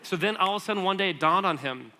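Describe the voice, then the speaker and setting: A man giving a guest sermon, conversational and animated, asking the audience questions and telling stories with quick asides. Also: sits high. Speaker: guest speaker.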